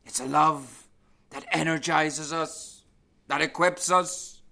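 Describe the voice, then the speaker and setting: A male preacher delivering a sermon, his voice bright and forceful. He sits a little higher than most men and presses his points home with repetition and questions put to the congregation. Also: steady tone, slow pace, gravelly. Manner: preaching with rising emphasis and rhetorical questions. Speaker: pastor.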